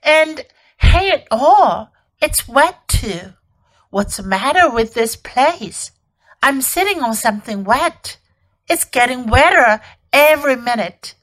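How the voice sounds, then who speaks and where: A woman's voice: high-pitched, animated, slow, fairly bright tone, full character voice. Woman reading as an earnest eldest brother. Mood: eager.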